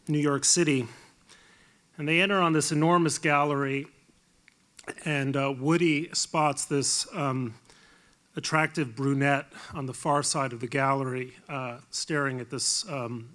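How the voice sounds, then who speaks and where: A man giving a keynote lecture at a dinner, telling an anecdote with many halting fillers. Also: medium pitch, fairly bright tone. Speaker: keynote speaker. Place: large dinner hall.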